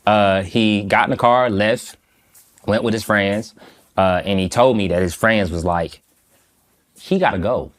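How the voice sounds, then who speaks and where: A man from Michigan, a guest in an interview, recounting a personal story in a slow, halting, reflective way with many pauses. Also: fairly low pitch, steady tone. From Michigan, USA.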